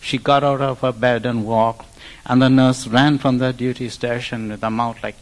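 A man's voice: medium pitch, moderate pace, low-quality recording. A man from India, giving a personal testimony in church and acting out the people he quotes. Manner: animated storyteller who acts out quoted speech.

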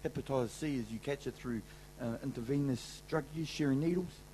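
A man's voice: medium pitch, a little fast, a little hiss or hum, low-quality recording. A middle-aged man with a New Zealand accent, giving an emphatic, colloquial sermon testimony to a convention crowd. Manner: emphatic, colloquial, swings loud and soft. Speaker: convention speaker.

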